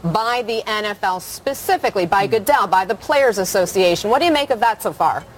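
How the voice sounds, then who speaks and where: A woman news anchor moderating a panel, briskly handing turns to guests. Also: medium pitch, animated, a little hiss or hum.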